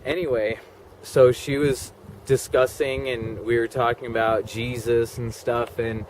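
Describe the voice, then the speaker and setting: A man's voice: mid-range voice, little pitch movement, unhurried, a little hiss or hum. A man telling a personal story in a rambling way, full of "like" and "okay?" asides. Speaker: vlogger.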